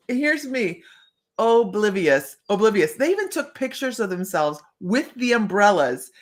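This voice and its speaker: A woman's voice: medium pitch, sing-song, slow. A woman hosting a psychic live stream, telling stories in a bubbly, rambling way and laughing often. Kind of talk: casual live-stream chat.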